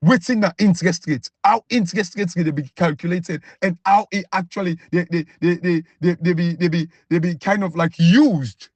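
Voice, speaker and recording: A Sierra Leonean man speaking in Krio-accented English, giving a mocking, emphatic political rant that keeps jumping high when he is incredulous. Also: moderate pace, few pauses, darkish tone, no echo. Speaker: political commentator.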